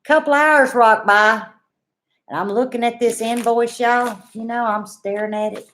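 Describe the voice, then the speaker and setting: A middle-aged woman with a Southern US accent, telling a homestead story to her viewers in a folksy, animated way. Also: fairly high pitch, unhurried, a little hiss or hum. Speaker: homestead vlogger.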